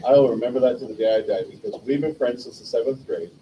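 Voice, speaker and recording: A man's voice: medium pitch, fast, slight background noise. A man telling a heartfelt, rambling story about an old friend, acting out their past conversations. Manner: animated, rambling, heartfelt, acts out past dialogue. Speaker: memorial stream host. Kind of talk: personal storytelling, eulogy. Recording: distant mic with faint room ambience.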